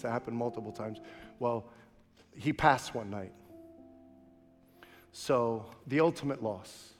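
A man's voice: medium pitch, slow pace, pauses often. A male pastor preaching a sermon in an impassioned storytelling manner, in a large church sanctuary. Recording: long hall reverb with faint music.

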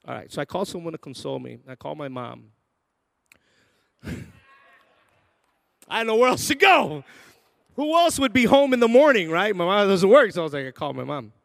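A man preaching a sermon built around a personal story, swinging between loud bursts and quiet, intimate asides, and acting out the voices of people in his story. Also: sits high, very animated, moderate pace, gravelly, pauses often, no room sound.

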